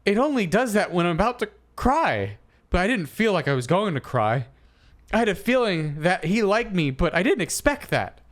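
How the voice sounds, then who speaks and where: A man co-hosting a comedy podcast, reading a listener's post aloud and then arguing his side in a playful, animated way. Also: high voice, moderate pace. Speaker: podcast co-host.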